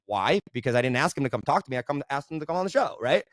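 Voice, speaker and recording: A man telling stories as a guest in a casual interview, animated and constantly checking in with "right?". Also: mid-range voice, very fast, no room sound. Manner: animated, keeps asking "right?". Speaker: podcast guest, entrepreneur.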